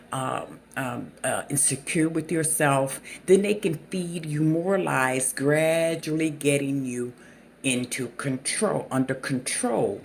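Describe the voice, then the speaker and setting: A host from the Southern US with a Southern accent, talking unscripted to camera in a halting way with many fillers and restarts. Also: mid-range voice, gravelly, slight background noise. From Southern United States. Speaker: channel host.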